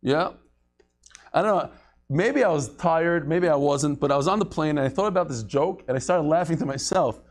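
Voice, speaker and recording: A man's voice: fairly high pitch, moderate pace. A man teaching a casual Talmud class, joking as he goes and chanting the quoted passages.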